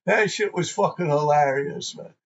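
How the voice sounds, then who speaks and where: This graffiti show host is a man whose voice sits on the high side. He tells loose, foul-mouthed stories casually at a moderate pace, laughing frequently, though the recording is dull.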